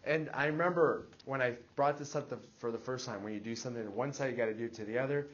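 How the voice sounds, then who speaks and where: A man's voice: mid-range voice, quick pace, highs cut off. Man teaching math in a classroom. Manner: questioning, checks in with students often. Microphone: classroom recording device.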